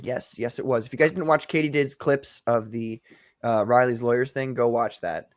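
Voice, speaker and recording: A man's voice: medium pitch, normal speed, dry recording, studio quality. A man hosting a casual livestream podcast, chatty and greeting viewers one by one. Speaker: podcast host.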